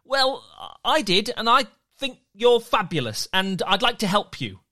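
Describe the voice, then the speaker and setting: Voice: medium pitch, very animated, unhurried, sharp tone, voice pushed up. A storyteller voicing a kind, curious young schoolgirl in a children's story, friendly and reassuring. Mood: eager.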